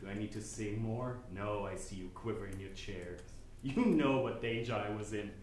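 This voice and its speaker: A man doing a slow, dramatic hard-boiled narration, brooding and low. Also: a little mellow, close to an everyday voice. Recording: echoey stage, distant mic, faint noise.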